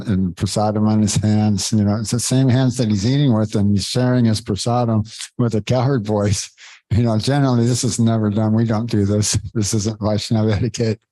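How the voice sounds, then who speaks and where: A man leading a devotional scripture class, talking informally and haltingly, searching for words and chuckling between points. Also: lowish voice, warm tone, dry recording, poor audio.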